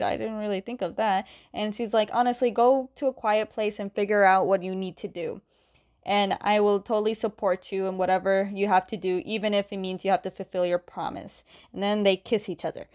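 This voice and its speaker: A woman talks through a story recap in a loose, chatty way, quoting each character in turn with "and she's like." Her voice sits at an ordinary middle pitch, and she breaks into small laughs as she goes. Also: normal speed, a little mellow. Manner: chatty, strings quotes with "is like", laughs often. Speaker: comic book recapper.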